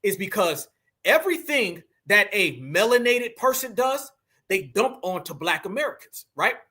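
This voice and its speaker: A man's voice: high-pitched, very animated, normal speed, sharp tone, breathy edge. A male host giving reaction commentary on clips in an emphatic, dismissive, slangy way.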